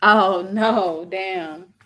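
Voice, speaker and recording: This time she sounds medium-pitched, pushed and bright, stretching out her words. The host keeps up casual live chat from home, sympathizing with what viewers write in a filler-heavy, relaxed manner.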